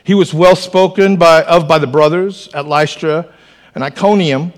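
A man preaching to his church in an animated way, with joking asides and calls for the congregation to respond. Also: fairly high pitch, moderate pace. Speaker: pastor. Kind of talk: sermon.

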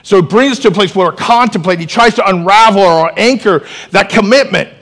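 A man with a notably high voice preaches a sermon to his church. He keeps it animated and breaks off into joking asides and calls for the congregation to answer back. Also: fairly quick. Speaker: pastor.

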